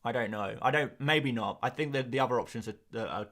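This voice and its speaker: Bright-voiced livestream host. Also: male voice, mid-range voice, quick pace. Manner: jokey, laughs often, reads chat aloud. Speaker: fantasy football livestream host. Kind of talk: casual livestream chat.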